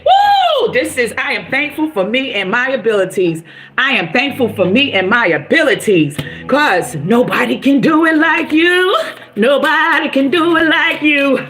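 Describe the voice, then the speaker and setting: A woman's voice: high voice, lively intonation, normal speed, fairly bright tone, faint music behind. A woman giving casual motivational talk to her viewers, preachy and encouraging, repeating herself often. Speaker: motivational vlogger.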